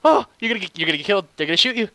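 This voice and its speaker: A young man streaming a shooter game with friends, loud, excitable and laughing. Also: high-pitched, racing, no room sound. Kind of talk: excited gaming chat.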